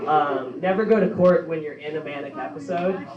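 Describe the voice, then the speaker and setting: Young guy doing standup, kinda high voice, lots of ums, far off in a boomy club w/ crowd laughing. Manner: halting, filler-heavy, offhand delivery. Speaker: stand-up comedian. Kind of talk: stand-up set. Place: comedy club stage. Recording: echoey, dull room recording from far off. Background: audience laughter.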